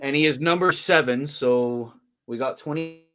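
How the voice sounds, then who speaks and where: A man's voice: mid-range voice, normal speed, fairly bright tone, smooth. A man hosting a casual wrestling watch-along, chatting, laughing easily and sharing trivia. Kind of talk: casual chat.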